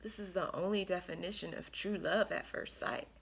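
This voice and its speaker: A woman giving an earnest, emotional spiritual card reading to her viewers, pausing often with ums. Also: lowish voice, steady tone, gravelly, a bit bright, slightly rough. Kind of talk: tarot reading monologue.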